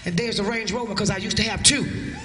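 A middle-aged woman preacher telling a story in a live sermon, calling on the crowd to answer back and swinging from low storytelling into shouts. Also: fairly quick, reverberant, long reverb tail, very noisy. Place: live church crusade.

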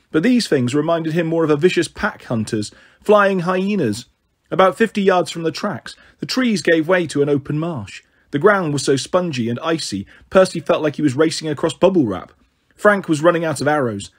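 A male audiobook reader with a slightly raised pitch and a husky edge to his voice. He moves through the story in a steady, even narrating manner, without rushing.

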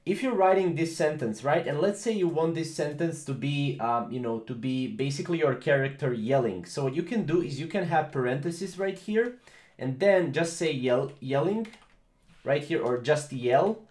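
Higher-pitched man rambling through a tutorial in a roomy space. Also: moderate pace, a little mellow. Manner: rambling, with many fillers and repeated phrases. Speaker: tech tutorial host. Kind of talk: casual screen-recorded tutorial.

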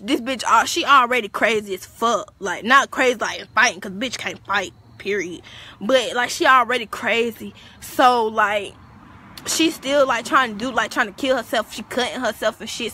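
A teenage girl telling a story on a livestream, profane, animated and defiant. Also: fairly high pitch. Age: teens.

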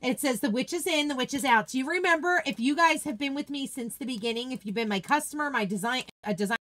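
Female host, high voice, gushing and chatty, casual live craft unboxing. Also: quick pace, fairly bright tone. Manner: gushing, chatty, reads viewer comments aloud. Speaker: craft product consultant and host.

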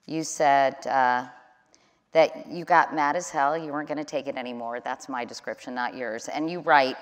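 Low-voiced woman interviewer in a reverberant hall. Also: steady tone. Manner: conversational, warm-humored, quick to laugh. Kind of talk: onstage interview. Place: large auditorium stage.

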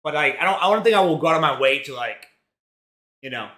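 A man's voice: fairly high pitch, animated, quick pace, a bit bright. A young man from Mexico streaming live while he cooks, chatting casually in a rambling, profane way full of fillers. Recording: roomy home echo.

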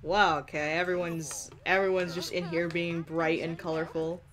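A woman's voice: lowish voice, little pitch movement, moderate pace, fairly bright tone. A woman giving playful, giggly gameplay commentary, teasing the characters and talking straight to them on screen. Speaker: let's play host.

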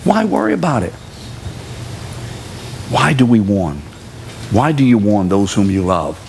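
A man preaching a sermon in a church, animated, acting out quoted voices and sometimes shouting. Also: lowish voice, unhurried, creaky, slight background noise. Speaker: pastor. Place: church sanctuary.

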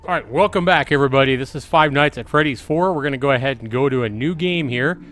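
A middle-aged gaming channel host chats through a casual let's-play at home, reading the game's on-screen prompts aloud. His medium-pitched voice is quick and fairly bright, and the recording is dry.

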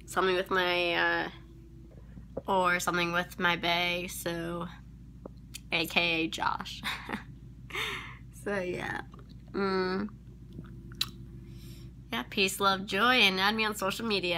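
A teenage girl chats into her phone camera in an unhurried, drawn-out way, filling her talk with ums, likes and giggles. Her voice is bright and a little tense. She gushes over friends in a casual shout-out vlog. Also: on the low side, creaky, a little hiss or hum. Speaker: vlogger.

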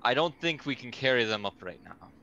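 A man in a tabletop game speaks as his character in a polite, hesitant way, restarting his sentences as he goes. His tone is bright and tense, and his pitch sits in the middle. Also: lively intonation, fairly quick, dull audio, a little hiss or hum. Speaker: player. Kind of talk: casual in-character play.

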